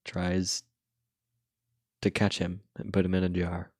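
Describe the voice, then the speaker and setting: A man's voice: deep voice, monotone, takes it slowly, no room sound, clean studio sound. A man chatting casually while drawing, retelling a cartoon episode in a laid-back, rambling way.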